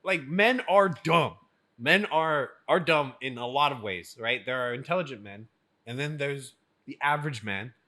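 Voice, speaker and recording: A man co-hosting a casual podcast chat, animated and laughing often as he acts out what others say. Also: medium pitch, normal speed. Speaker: podcast co-host.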